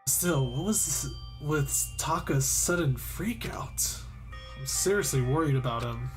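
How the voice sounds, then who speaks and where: A man streaming a visual novel, reading the text aloud with excitable, goofy outbursts. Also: a little high, slow, soft background music.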